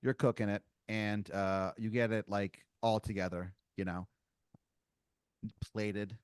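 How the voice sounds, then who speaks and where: A man hosting a comedy podcast, improvising a story in a rambling, halting way with many fillers and giggles. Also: on the low side, fairly even intonation, clean tone, dry recording, clean studio sound. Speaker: podcast host.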